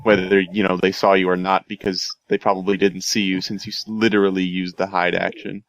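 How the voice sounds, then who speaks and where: Deep-voiced guy at the game table, offhand, dead dry sound. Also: level tone, fairly quick, dry recording, poor audio. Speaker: player. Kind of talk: casual tabletop game chat.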